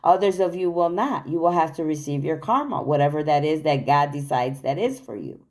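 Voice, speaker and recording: Low-voiced woman preaching into her phone. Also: expressive, brisk, a little mellow. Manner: earnest, accusatory, repetitive declarations. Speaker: spiritual channel host. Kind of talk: spiritual monologue to viewers.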